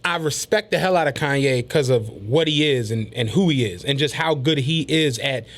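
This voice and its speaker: A man's voice: medium pitch, moderate pace. A man hosting a casual podcast, animatedly retelling stories and quoting others. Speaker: podcast host.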